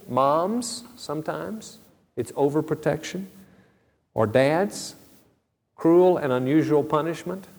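A man's voice: mid-range voice, gravelly, darkish tone. A middle-aged man preaching a sermon as a pastor, earnest and conversational, with storytelling asides. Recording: long reverb of a large hall.

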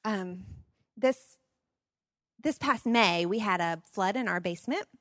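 A woman in her forties telling personal stories at a parenting seminar, expressive and laughing often. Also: medium pitch, slow, no room sound, studio quality. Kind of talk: personal storytelling talk.

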